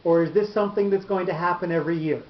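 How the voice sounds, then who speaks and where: A man's voice: sits high, quick pace. A man teaching a Torah lesson to a small class, explaining patiently and repeating key words. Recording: echoey room, dull lo-fi sound.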